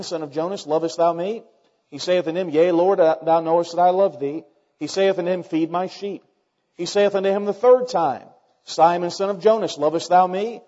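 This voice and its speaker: Emphatic preacher man in a hall. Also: high-pitched. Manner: emphatic, rising to loud repeated questions. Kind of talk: sermon. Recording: dull long hall reverb.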